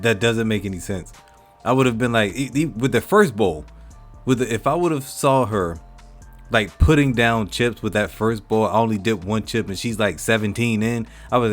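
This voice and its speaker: Indignant low-voiced man reacting to a clip. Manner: indignant, emphatic, talks back at the clip. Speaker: reaction channel host. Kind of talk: reaction commentary.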